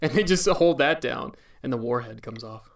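A man co-hosting a relaxed chat, tossing in dry, teasing jokes. His voice sits a little back from the microphone. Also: mid-range voice, moderate pace, far from the mic. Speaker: podcast co-host. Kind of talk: casual chat. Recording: set back from the mic.

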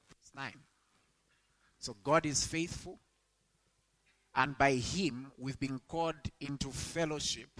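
A young adult man preaching a sermon to students, rising sharply in pitch when he quotes scripture. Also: sharp tone, rough recording. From Zambia. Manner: emphatic, rises sharply when quoting scripture.

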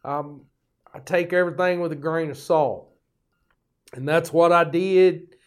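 Older man, folksy podcast host, slightly raised pitch, profane joking storyteller. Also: steady tone, measured pace, smooth. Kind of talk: rambling storytelling monologue.

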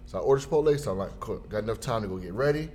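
A man telling a funny everyday story in a casual chat, jumping into high voices when he quotes people. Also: animated, very fast, mellow.

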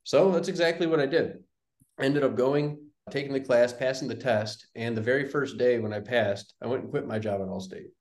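Guesting on an interview show, a young man who invests in real estate spins a casual story, performing the dialogue as he goes with animated flair. He speaks at medium pitch and a brisk clip, in an echoey, roomy space.

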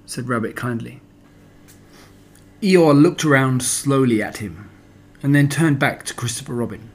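A man narrating a children's storybook in a gentle, even storytelling manner. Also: medium pitch, normal speed.

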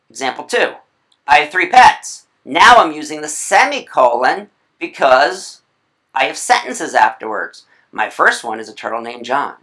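A writing instructor giving a recorded video lecture, chatty, with playful asides and quick self-corrections. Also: mid-range voice, creaky, a bit bright.

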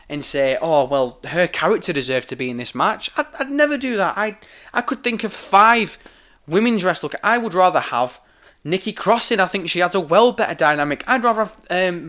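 A young man rants hard about wrestling. His voice sits a little higher than most men's, and he keeps pushing his points with blunt emphasis and repeated swearing. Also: pushed and bright. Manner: heated, emphatic, frequent swearing. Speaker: wrestling commentator. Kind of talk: opinionated rant.

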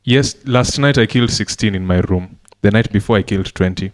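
A man with a fairly low voice chats loosely with his co-hosts, playful and rambling, stacking repeated words as he builds momentum. The sound is dry and close, with no room around him. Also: brisk, no echo. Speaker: podcast co-host. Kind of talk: casual chat.

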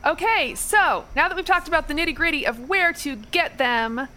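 A woman's voice: high voice, normal speed, pushed and bright, slight background noise. A woman co-hosting a podcast in casual chat, enthusiastic and talkative. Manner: enthusiastic, chatty. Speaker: podcast co-host.

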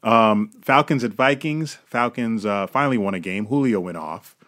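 A man's voice: on the low side, normal speed, fairly bright tone. A man co-hosting a podcast, chatting casually and animatedly about football, swearing and laughing. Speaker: podcast co-host. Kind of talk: casual sports chat.

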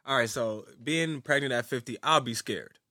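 A young man co-hosting a casual podcast, laid-back and slangy, quick to laugh. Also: medium pitch, bright, forceful tone, dry recording. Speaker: podcast co-host. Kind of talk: casual chat.

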